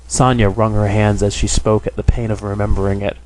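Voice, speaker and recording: A man narrating a classic novel as an audiobook, reading in a steady, measured way. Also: on the low side, rough recording. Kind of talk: scripted narration.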